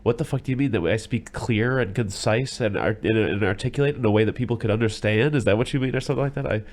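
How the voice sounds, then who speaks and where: A man co-hosting a casual podcast, telling rambling stories in quick bursts. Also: on the low side, darkish tone. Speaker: podcast co-host.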